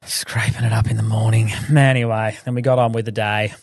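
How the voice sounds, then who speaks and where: A man's voice: lowish voice, level tone, brisk, dry recording, studio quality. A man co-hosting a casual chat podcast, laid-back and blunt, swearing now and then. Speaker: podcast co-host.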